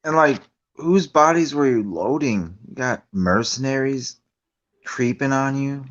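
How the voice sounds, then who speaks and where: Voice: medium pitch, animated, unhurried, lo-fi sound. A speaker in casual banter who asks curious, probing questions.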